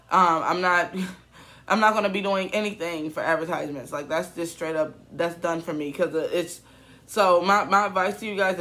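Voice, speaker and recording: A young man in his twenties with a high, bright voice, talking in a casual vlog. He rambles and restarts, sounding shaken and emotional. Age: 20s. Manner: rambling, many fillers and restarts; upset, emotional. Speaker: YouTuber.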